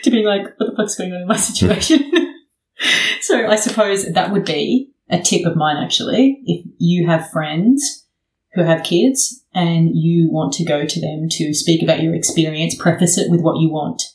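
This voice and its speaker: A woman's voice: fairly low pitch, measured pace, darkish tone, roomy sound, poor audio. A woman in her thirties hosting a casual podcast chat, talking frankly and swearing freely. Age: 30s. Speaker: podcast host.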